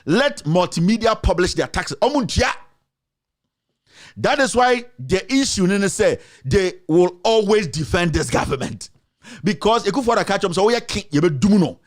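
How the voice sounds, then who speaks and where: A man's voice: high voice, very animated, normal speed. A man with a Ghanaian accent delivering a heated political rant, repeating his accusations with emphasis. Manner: mixes in another language. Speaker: commentator.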